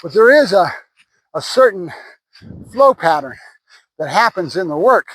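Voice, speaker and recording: A man's voice: sits high, sing-song, measured pace, a bit bright, dry recording, low-quality recording. A man who trains dogs, talking casually to the camera outdoors between words of praise to a puppy. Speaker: dog trainer.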